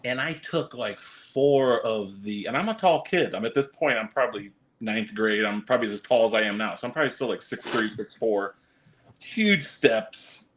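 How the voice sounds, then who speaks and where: A man's voice: on the low side, moderate pace. A man on a podcast telling a story, acting out the lines of others and sprinkling in fillers. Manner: animated, acts out quotes, frequent fillers. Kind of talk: casual chat, anecdote.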